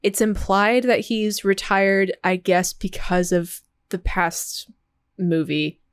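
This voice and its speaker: A young woman co-hosting a movie podcast in casual chat, talking with fillers, laughing often, and slowing down to explain. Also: medium pitch, clear, resonant tone, no room sound. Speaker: podcast co-host.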